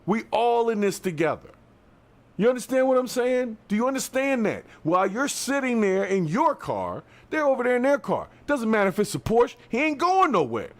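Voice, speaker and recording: A man delivering a fired-up ranting commentary monologue to his viewers, swinging between yelling and calming down and often asking if they understand. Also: high voice. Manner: fired-up, repeats "you understand what I'm saying". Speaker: video commentator.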